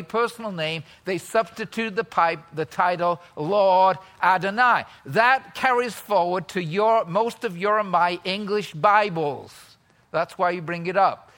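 A man preaching a teaching sermon, speaking deliberately, repeating key words and asking the congregation questions. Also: sits high, sharp tone. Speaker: pastor.

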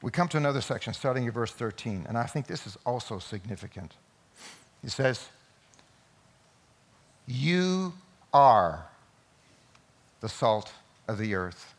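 A man preaching a Sunday sermon in a church, emphatic, with sudden loud peaks. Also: medium pitch, expressive, a little slow, long pauses. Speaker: pastor.

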